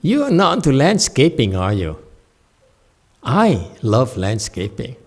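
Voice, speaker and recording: A man teaching meditation answers a student's question playfully and teasingly, acting out little voices and laughing. His mid-range voice has huge pitch swings and a measured pace, in a teaching talk with Q&A.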